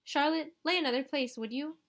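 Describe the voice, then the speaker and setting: A woman voicing a kindly, slightly dotty elderly great-aunt who speaks in gentle, friendly tones. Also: sits high, a little fast, voice pushed up.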